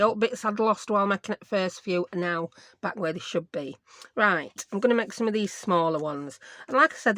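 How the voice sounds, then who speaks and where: A craft vlogger with a Yorkshire accent runs through a tutorial at her desk, chatting casually, making fun of herself and using dialect words. Her voice sits in the mid range and is a bit bright.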